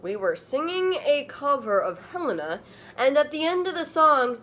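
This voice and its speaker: A woman's voice: sits high, big pitch swings, moderate pace, slight background noise. A young woman reading a story aloud for comedy, mock-dramatic, with sudden overacted outbursts. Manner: mock-dramatic, bursts into loud overacted outrage. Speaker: comedy reader.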